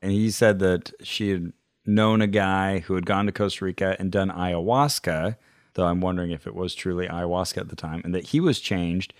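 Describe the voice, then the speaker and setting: A man's voice: sits low, fairly even intonation, normal speed, dry recording. A man co-hosting a podcast, adding details and dry asides in casual conversation. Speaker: podcast co-host.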